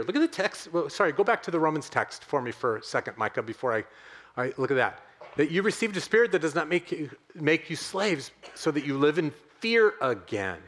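A male pastor preaching a sermon, repeating key phrases and speaking directly to his listeners as friends. He swings between loud, emphatic outbursts and quiet, tender, hushed passages. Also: a little high. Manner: addresses the congregation directly as friends.

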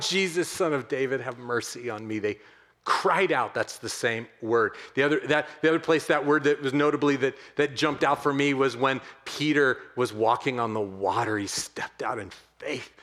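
A man preaching with a middling pitch, his voice rising into near-shouted emphasis before sinking into soft, intimate murmurs. He hammers phrases home by repeating them and turns to the congregation as friends. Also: normal speed. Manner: swings from loud shouted emphasis to hushed, tender low delivery; addresses the congregation directly as friends. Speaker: pastor. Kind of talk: sermon.

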